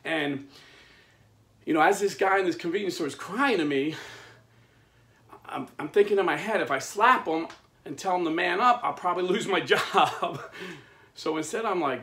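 Plain-spoken, animated man in his fifties. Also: sits high, normal speed, pauses often. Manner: animated storyteller, chuckles while telling stories; plain-spoken, blue-collar phrasing. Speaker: Catholic men's video host. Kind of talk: casual preaching monologue.

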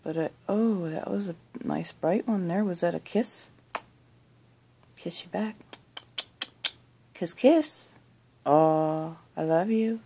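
A middle-aged woman talking softly in a bedroom at night, cooing affectionately and often half-whispering. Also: fairly low pitch, slow, long pauses, a little hiss or hum. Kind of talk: soft-spoken recorded monologue.

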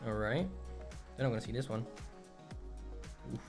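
A man in his twenties from Portugal, giving excitable, exclaiming, slang-filled commentary over his own gameplay. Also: medium pitch, normal speed, soft background music. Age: 20s. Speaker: gaming creator.

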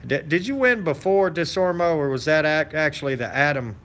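A man's voice: fairly high pitch, fairly quick, a bit bright. Folksy man rambling on stream. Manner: rambling, folksy, many fillers and restarts. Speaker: channel host. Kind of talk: casual live-stream chat.

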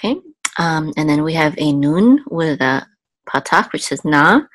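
Woman, low pitch, dry recording, patient teacher, slow sounding out of syllables, casual lesson. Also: expressive, no echo. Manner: patient, spells out sounds slowly, thinks aloud with ums. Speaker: Hebrew teacher.

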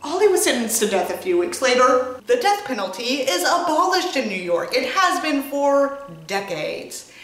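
A woman's voice: sits high, sing-song, moderate pace, a bit bright. A woman host giving exasperated, sarcastic, swear-filled commentary on a bad book. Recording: roomy echo with music behind. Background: background music.

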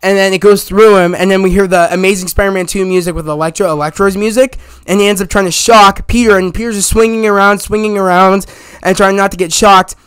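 A man giving a casual, excited spoiler review of a movie, retelling scenes in a rambling way with many restarts. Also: sits high, fast, clear, resonant tone, no room sound.

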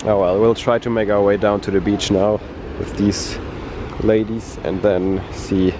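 A man talking in a monotone, feeling unwell, narrating a casual travel vlog outdoors on a coastal trail. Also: on the low side, a little slow. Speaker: travel vlogger. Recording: outdoor noise behind the voice.

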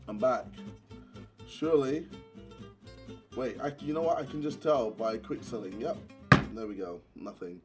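A young man doing gaming commentary on a headset mic, swearing and raging in loud outbursts. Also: medium pitch, steady tone, measured pace, pauses often, slightly rough. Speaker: gaming YouTuber. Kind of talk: gaming commentary while opening packs. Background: music.

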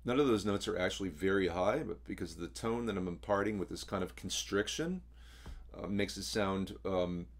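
A baritone man teaching singers how to imitate a rock vocalist, talking in a casual, throaty way that swallows his words.

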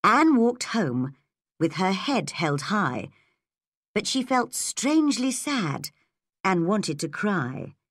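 Lady reading a kids story slow and clear, lots of lilt, dry close mic. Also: mid-range voice, sing-song, no room sound. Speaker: narrator. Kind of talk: graded-reader story narration for learners.

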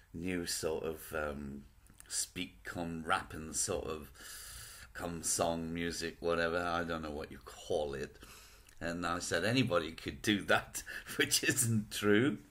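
Older guy rambling slowly at home, low voice, laughs at himself. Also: a bit bright. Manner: meandering, self-deprecating. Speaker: vlogger. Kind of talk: casual chat to camera.

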